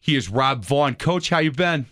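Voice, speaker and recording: A man's voice: medium pitch, expressive, moderate pace, a bit bright, no echo. A man hosting a sports radio show, chatting casually and joking as he tells stories over a studio headset. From Wisconsin.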